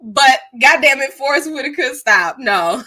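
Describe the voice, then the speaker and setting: A woman's voice: high voice, animated, a little slow, pushed and bright. A woman hosting her live stream, giving emphatic, profane commentary and laughing often between points. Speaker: streamer and channel host.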